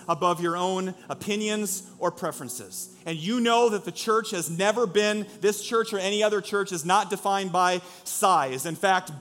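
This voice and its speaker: A man's voice: high-pitched, a bit bright. A man preaching a sermon as pastor, with an emphatic, repetitive preaching cadence. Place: church in a former car dealership.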